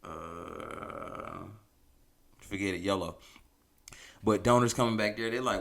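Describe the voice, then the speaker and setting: Lively storytelling man, bright forceful voice. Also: sits low, measured pace, vocal fry, pauses often. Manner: animated, chuckling, loose conversational delivery. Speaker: podcast host. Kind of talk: casual storytelling.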